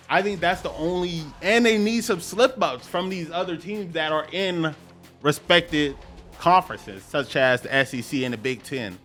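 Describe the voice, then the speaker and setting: A man with a New Orleans accent talks football in a loose, rambling way, circling back to the same phrases and bursting out now and then. His voice sits a bit high. Faint music plays under him. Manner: rambling, repeats phrases, animated outbursts. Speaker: podcast host. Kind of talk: casual sports talk.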